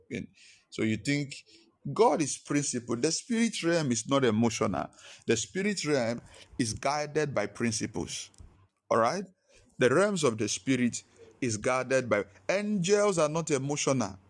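Emphatic male preacher, middle pitch. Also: big pitch swings, unhurried. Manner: emphatic, repetitive teaching. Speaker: pastor. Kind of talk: sermon.

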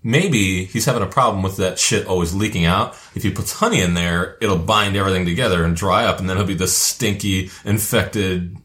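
Very deep-voiced man, crude joker. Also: a little fast, few pauses, fairly bright tone. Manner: crude joking, swears, laughs often. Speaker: podcast co-host. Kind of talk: casual chat. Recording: roomy echoey room.

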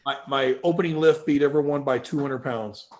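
A man telling stories as a powerlifting guest in a casual interview, animated and swearing freely. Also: medium pitch, brisk. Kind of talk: casual storytelling.

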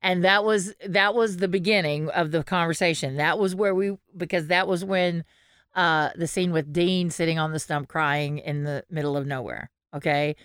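A woman's voice: on the low side, normal speed, smooth, no echo, clean studio sound. A woman co-hosting a casual podcast, telling stories with lots of swearing and laughter. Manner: animated storyteller, swears freely, laughs often. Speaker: podcast co-host.

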